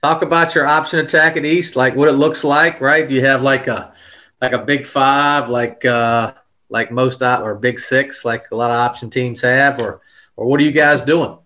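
Bright-voiced podcast host, hesitant questions. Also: male voice, medium pitch, steady tone, moderate pace. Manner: hesitant, many fillers. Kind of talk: casual interview questions.

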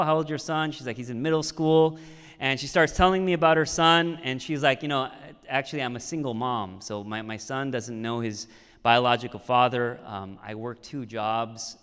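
A man's voice: mid-range voice, a bit bright, clean tone, long reverb tail. A man who is a pastor, preaching a sermon and telling a personal story in an easy, conversational way, with frequent "right?" asides.

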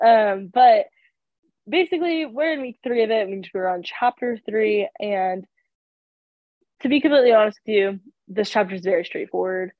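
A woman's voice: mid-range voice, expressive, normal speed, no room sound. A young woman co-hosting a casual faith podcast, sounding congested and sick, rambling with lots of fillers. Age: young adult. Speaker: podcast co-host. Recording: tinny phone-like sound, dry.

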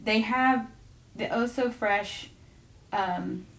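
A woman chatting casually as a podcast co-host. She rambles, loses her thread and picks it back up. Her voice sits at an ordinary pitch. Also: very slow, creaky, fairly bright tone. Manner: chatty, rambling, trails off and restarts. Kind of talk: casual chat.

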